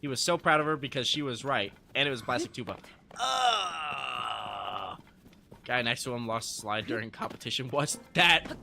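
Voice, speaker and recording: A man's voice: medium pitch, lively intonation, normal speed, vocal fry, sharp tone, a little hiss or hum. A young adult man streaming live, telling casual stories to his chat, swearing freely and laughing often.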